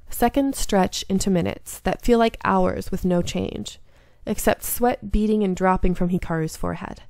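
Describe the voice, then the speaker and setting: Woman, game streamer, reads a story game aloud, earnest and invested; gravelly edge, dry close mic. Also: medium pitch, normal speed, few pauses, darkish tone, no echo. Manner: earnest, emotionally invested reading.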